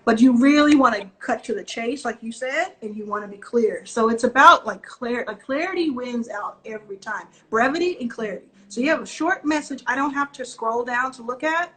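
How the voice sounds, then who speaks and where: A woman from the Southern US with a Southern accent, an investor giving direct, animated advice on a video call and acting out quotes from people. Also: a little high, a little fast, few pauses, low-quality recording. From Southern US (Texas and Mississippi). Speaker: venture capital investor, guest. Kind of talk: casual video-call interview.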